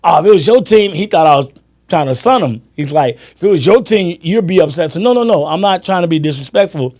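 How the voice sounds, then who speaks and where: A man hosting a sports podcast, telling animated stories in casual chat and acting out his friends' lines. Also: fairly high pitch, fast talker. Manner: animated storyteller, acts out friends' lines, laughs often. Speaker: podcast host.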